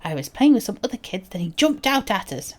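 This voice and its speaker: A woman's voice: mid-range voice, sing-song, fairly quick, pitched above the performer's own voice. A woman reading out a note in the voice of a young froglok boy, like a storybook read-aloud. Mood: wide-eyed.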